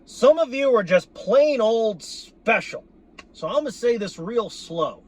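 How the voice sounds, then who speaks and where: Guy with a high voice ranting slow and sarcastic, swearing a lot, repeats stuff. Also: animated, a little mellow. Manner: exasperated, sarcastic, repeats himself for emphasis. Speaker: sports fan vlogger. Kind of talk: profane ranting monologue.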